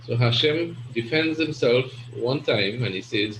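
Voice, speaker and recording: A man's voice: mid-range voice, animated, takes it slowly. Man teaching grammar, echoey room. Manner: explains step by step, often checks with "right?". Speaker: Arabic teacher. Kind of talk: classroom grammar lesson. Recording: echoey room with faint noise.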